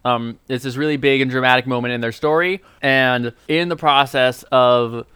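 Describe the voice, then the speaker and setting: A man's voice: mid-range voice, fairly even intonation, normal speed, sharp tone, smooth, no echo. A man co-hosting a podcast in casual chat, wry and joking, thinking aloud in loose asides. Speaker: podcast co-host.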